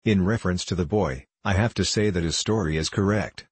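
A man doing a dignified old gentleman. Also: low voice, fairly quick, husky, no room sound. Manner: dignified, formal. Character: dignified robust gray-haired old gentleman.

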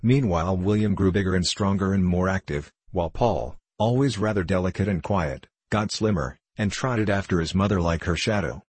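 A man reading a novel aloud as an audiobook narrator, in a steady, measured way. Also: sits low, slightly rough, no echo.

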